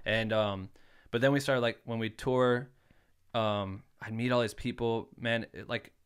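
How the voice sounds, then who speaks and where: A man's voice: mid-range voice, fairly even intonation, measured pace, clean tone. A man in his thirties from Iowa, a podcast guest telling rambling, swear-filled stories in casual chat. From Iowa, United States. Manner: swears freely, rambling anecdotes full of likes. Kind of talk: casual storytelling.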